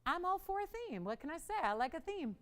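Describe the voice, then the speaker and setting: A woman's voice: extremely high pitch, sing-song, quick pace, a bit bright. A woman hosting a live television jewelry auction, chatty and self-mocking, with dramatic pleas for bids and frequent laughs. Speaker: live shopping host.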